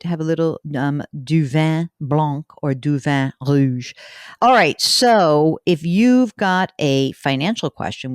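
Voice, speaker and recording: Woman host, low voice, brisk and teasing, dry close mic. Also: dry recording. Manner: brisk, teasing, asks pointed questions. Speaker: podcast host, money advice. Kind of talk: casual radio call-in chat.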